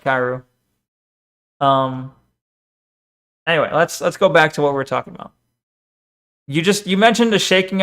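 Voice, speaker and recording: A man's voice: high-pitched, a bit bright. A streamer chatting casually on a live stream, rambling and arguing as he reads viewers' messages aloud and answers them.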